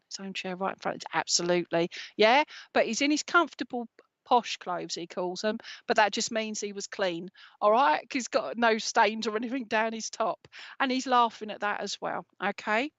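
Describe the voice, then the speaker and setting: A woman's voice: mid-range voice, expressive, moderate pace, a bit bright, no echo. Chatty woman medium on lo-fi stream. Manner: chatty, checks in with "all right?" after nearly every phrase. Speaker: psychic medium. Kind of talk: live mediumship reading. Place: at home. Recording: dull lo-fi stream audio.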